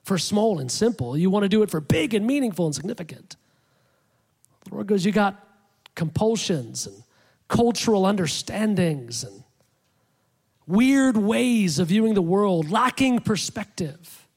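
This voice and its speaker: A man preaching a sermon in a lively, animated way, acting out quotes with rising pitch. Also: a little slow, husky. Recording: long hall reverb.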